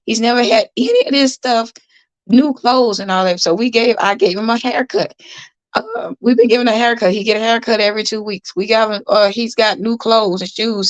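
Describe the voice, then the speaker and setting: A woman hosts a casual livestream and talks straight to her viewers. She speaks earnestly and chattily and repeats phrases for emphasis. Her voice sits at a medium pitch, and the close, dry sound has no room echo. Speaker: livestream host and foster parent. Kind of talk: casual livestream chat reading comments.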